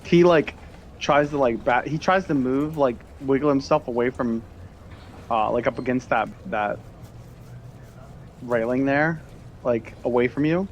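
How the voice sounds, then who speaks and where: A man with a middle-pitched voice narrates a tabletop game as game master. He stumbles through his scene descriptions with ums and restarts, and faint noise hums underneath. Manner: halting narration with many fillers and restarts, laughs often.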